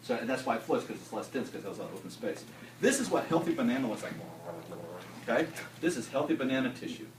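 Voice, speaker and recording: Captured from afar in a spacious classroom with some background noise, a middle-aged man teaching a demonstration talks fast at a medium pitch. He jokes around animatedly and keeps starting his sentences over.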